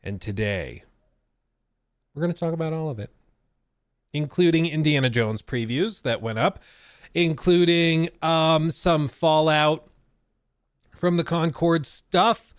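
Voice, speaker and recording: Male stream host: slow, animated delivery, wry asides, dry close sound. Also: a little high, smooth, no room sound. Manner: chatty, relaxed, with fillers and wry asides. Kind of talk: casual live-stream chat.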